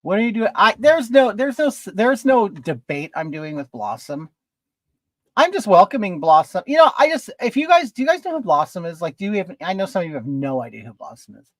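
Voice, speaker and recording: A man's voice: high-pitched, big pitch swings, a little fast, a bit bright, dry recording. A man hosting a casual livestream from home while doing his makeup, chatting and greeting viewers by name. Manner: chatty, reads viewer comments aloud and greets them. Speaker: livestream host.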